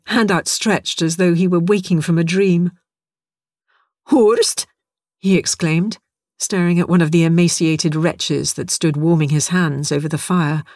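A man's voice: fairly high pitch, no echo, clean studio sound. A man narrating a first-person story in a vivid, darkly wry way.

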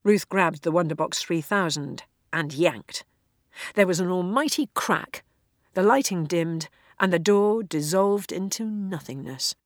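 A woman narrating an audiobook in a measured, expressive storytelling voice. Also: lowish voice, dry recording, clean studio sound. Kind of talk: audiobook reading.

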